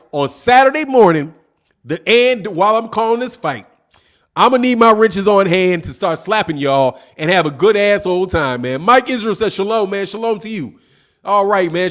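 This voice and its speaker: A man's voice: high voice, fairly bright tone. A man hosting a boxing livestream, chatting casually and reading out viewer comments in a loose, slangy way with frequent laughter. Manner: loose, slangy, laughs often, calls people dog.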